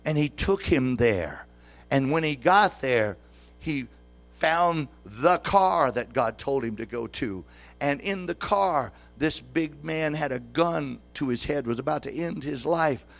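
A man's voice: fairly high pitch, lively intonation, slow pace, creaky. A man in his sixties preaching a sermon as pastor, often putting questions to the congregation. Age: 60s.

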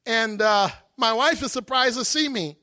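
A man giving a testimony in a sermon, an animated, dramatic storyteller. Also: extremely high pitch, normal speed. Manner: animated, dramatic storyteller who acts out voices. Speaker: guest speaker giving testimony.

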